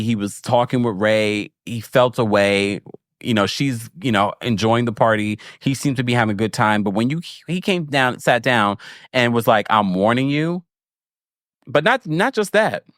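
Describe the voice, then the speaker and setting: In a dry, studio-quality recording, a mid-range male podcast host recaps reality TV casually and frankly. Playing the big brother to his audience, he stays animated and playful, with lots of laughs and asides.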